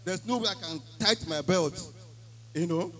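A man's voice: high-pitched, normal speed, fairly bright tone, soft background music, poor audio. A man with a Nigerian accent giving an emphatic church testimony, slipping into Pidgin phrases as he tells his story.

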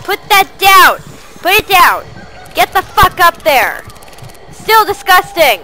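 A woman giving loud, profane gameplay commentary, yelling at her character. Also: very high-pitched, big pitch swings, slow pace, slight background noise, poor audio. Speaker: let's play gamer.

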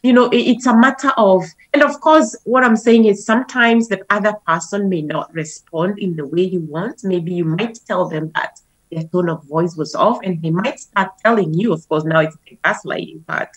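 A woman with a husky, slightly breathy voice, chatting easily as a talk show guest. She leans on "you know" as she goes, in a mid-range pitch and relaxed conversational flow. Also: normal speed, low-quality recording. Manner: conversational, uses many "you know" fillers.

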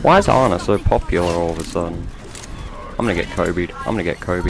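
An Australian man giving live commentary over his own game, swearing and mocking himself with sudden excited outbursts. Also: deep voice, a little fast, creaky, noisy background. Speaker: gameplay commentator. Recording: game music loud behind voice.

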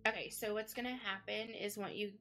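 Woman role-player, patient explainer, gravelly fry, mid pitch, faint game music. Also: steady tone, fairly quick, sharp tone, a little hiss or hum. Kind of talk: in-character role-play.

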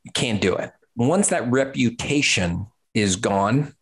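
A man in his thirties, an agency owner, gives business advice at a middle pitch. He is blunt and emphatic, swears casually, and repeats words to drive his points home. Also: animated, slow pace, a bit bright. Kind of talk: direct-to-camera business talk.

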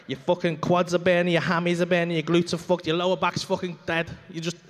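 Stand-up guy, really high voice, crude and animated, acts stuff out with moans and gasps on stage. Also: quick pace. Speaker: stand-up comedian. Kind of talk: stand-up comedy set. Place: comedy club stage.

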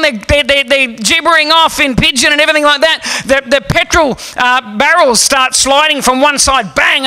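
A man preaching a sermon, telling a story in an animated, humorous way. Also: very high-pitched. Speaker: pastor.

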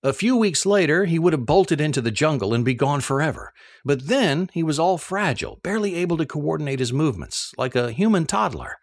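A man reading a first-person novel aloud, telling the story in an expressive, animated way. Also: a little high, fairly quick, no echo, clean studio sound. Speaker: audiobook narrator.

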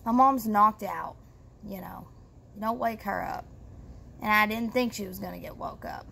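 A young woman vlogger telling a story casually, animated and profane, addressing viewers directly. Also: mid-range voice, normal speed, gravelly, husky.

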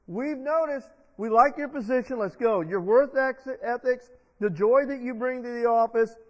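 Speaking at a moderate pace in an extremely high voice, a male pastor preaches a sermon in a church sanctuary, leading the congregation in call-and-response. The sound is dull, with long church reverb.

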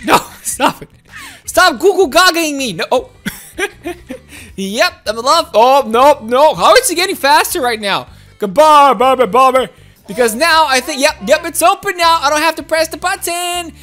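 Woman gaming host, very high and bouncy voice, excitable running commentary over faint game music. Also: normal speed. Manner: excitable, exclaiming and laughing at the game.

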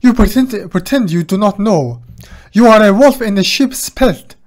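A gamer voicing a stern male ship officer in a fake Russian accent, gruffly accusing a suspect during a let's play. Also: medium pitch, animated, normal speed, slight background noise, close to an everyday voice.

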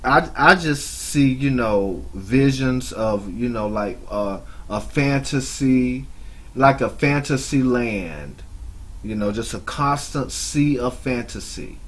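A man with a husky, slightly breathy voice delivers mocking reaction commentary. He scolds his target and drifts into long, drawn-out asides. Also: medium pitch, expressive. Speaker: YouTube commentator.

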